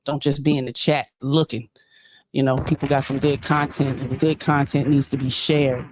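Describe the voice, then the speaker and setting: A woman's voice: rumbling low, moderate pace, background noise. A woman hosting a casual livestream, preachy and emphatic, who repeats her points. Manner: animated, preachy, emphatic repetition. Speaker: livestream host.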